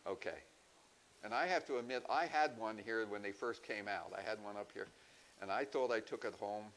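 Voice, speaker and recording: A man making church announcements and telling a joke, folksy and halting. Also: on the low side, fairly bright tone, slight background noise, low-quality recording. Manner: folksy, halting with many fillers. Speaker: church leader giving announcements.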